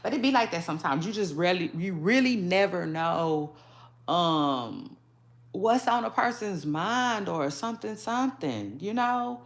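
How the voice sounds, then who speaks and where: Woman, gossip vlogger, chatty, animated, fillers and restarts. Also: lowish voice, unhurried. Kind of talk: casual celebrity gossip commentary.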